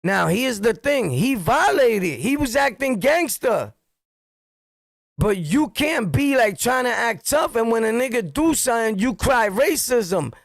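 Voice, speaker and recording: A middle-aged streamer and commentator with a New York accent delivers a blunt, profane street-talk monologue, unhurried and animated in his storytelling. His voice is high for a man with a gravelly edge, and the sound is dry and close with no room sound.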